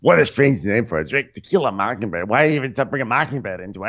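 A man's voice: mid-range voice, sing-song, quick pace, a bit bright, dull audio. A man co-hosting a comedy podcast, joking in an incredulous, casual recap. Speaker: podcast co-host.

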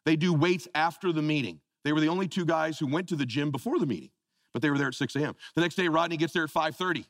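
A man in his fifties giving a motivational speech on stage, telling stories with acted-out voices and dropping low and soft when speaking prayerfully to the audience. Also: fast talker, no echo, studio quality.

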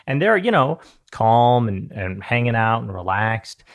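A man's voice: medium pitch, big pitch swings, a little slow. A young man co-hosting a podcast, chatting casually in a rambling, wry, self-deprecating way. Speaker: podcast co-host. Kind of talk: casual chat.

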